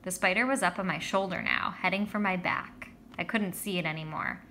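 A woman narrating a children's story in the first person with a lively, expressive reading. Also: lowish voice, fairly quick, slight background noise. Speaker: audiobook reader.

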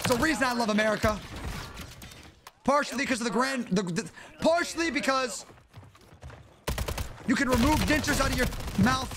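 A young man streaming a shooter game, trash-talking opponents in brash, profane live commentary. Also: very high-pitched. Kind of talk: casual live-stream commentary while gaming. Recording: game noise under voice.

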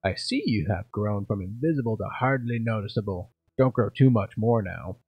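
A man's voice: lowish voice, moderate pace, breathy edge, no echo, highs cut off. A man voicing a haughty, menacing male villain tycoon in a game, reading the lines in mock menace.

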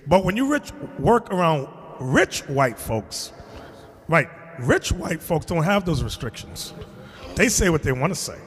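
A man preaching in an animated, emphatic way, mixing street talk with scripture in a reverberant hall. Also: on the high side, measured pace, breathy edge. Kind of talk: sermon-style teaching.

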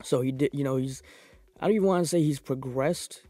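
A young man hosting a podcast, reviewing fights in a profane, rambling, excitable casual monologue. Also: mid-range voice, brisk, no room sound. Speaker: podcast host.

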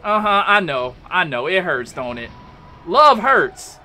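A young man commentating his own gameplay, trash-talking a boss with loud yelps and exclamations. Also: high-pitched, big pitch swings, measured pace, a little hiss or hum. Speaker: gamer playing a boss fight.

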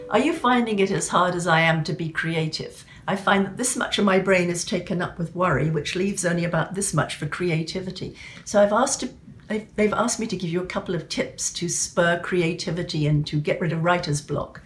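A woman novelist reading from her own book in a gentle, measured storytelling manner, then giving writing tips. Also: lowish voice, a little hiss or hum.

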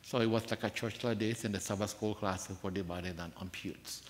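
A man preaching a sermon in a church, soft-spoken and earnest, telling a personal story with rising emphasis. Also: on the low side, steady tone, brisk. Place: church sanctuary. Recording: church hall reverb.

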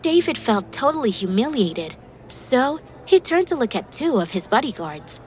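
A woman's voice: a little high, sing-song, normal speed, darkish tone. A woman reading a dramatic story as narrator. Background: faint background music.

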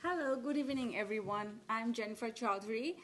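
A woman's voice: fairly high pitch, brisk, a loud crowd, very noisy. A woman introducing speakers at a community event, a little hesitant as she reads. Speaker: event coordinator, presenter.

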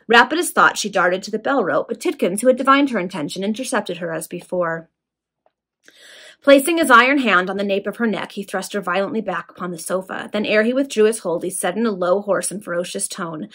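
A woman's voice: mid-range voice, a little fast, slightly rough. Woman reading an old novel aloud. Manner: plain, steady reading among friends. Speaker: reader.

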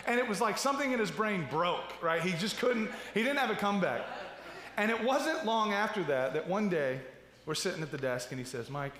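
A pastor in his thirties preaching a sermon in a church, chatty and direct, often checking in with "right?" and dropping low and quiet when telling stories. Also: expressive, a little fast, a little hiss or hum. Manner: conversational preaching with asides and repeated "right?". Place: church sanctuary. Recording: roomy hall with long reverb.

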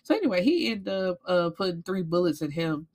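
A woman's voice: fairly low pitch, fairly quick. Blunt, profane woman recapping a book. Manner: blunt, profane, animated storytelling. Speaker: book reviewer.

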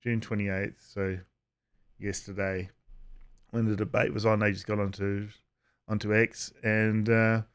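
A man giving casual vlog commentary, halting with frequent uhs and restarts and chuckling as he talks. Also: fairly low pitch, little pitch movement, clean tone. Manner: chuckles while talking. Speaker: YouTube commentator.

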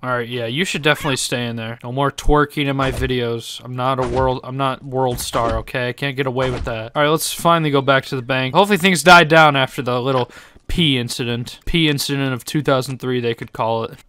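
A man giving casual, joking gameplay commentary as a gaming YouTuber, excitable and quick to laugh. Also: mid-range voice, a little hiss or hum.

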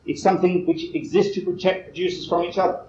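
A man's voice: sits high, level tone, fast, a little mellow. Man lecturing on an old cassette tape. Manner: wry, digressive, self-deprecating asides. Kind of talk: conference lecture. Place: lecture hall. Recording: roomy, muffled cassette recording with faint hiss.

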